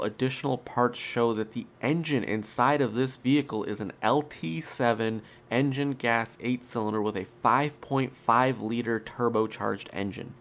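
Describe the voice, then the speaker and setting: A man hosting his own car channel, talking in an upbeat, chatty and emphatic way with a nasal voice. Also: on the low side. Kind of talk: solo vlog commentary.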